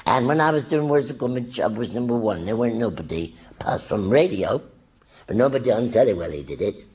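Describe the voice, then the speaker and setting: A man's voice: medium pitch, animated, a little fast, darkish tone, slightly rough, voice pushed up. Man voicing a chuckling scarecrow. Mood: chuckling fond. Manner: broad ungrammatical country talk, chuckling. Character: rustic scarecrow man, cheerful and simple. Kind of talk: live stage character turn.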